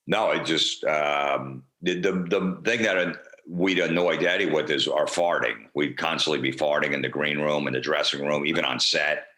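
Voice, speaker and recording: Deep-voiced man telling loose stories. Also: moderate pace, hardly any pauses, pushed and bright, roomy sound. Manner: rambling, profane, laid-back anecdotes. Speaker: comedian guest. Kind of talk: casual storytelling interview.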